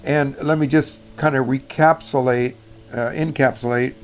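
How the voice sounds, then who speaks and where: A man giving an animated, emphatic Bible teaching on prayer, often correcting himself mid-sentence. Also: medium pitch, moderate pace.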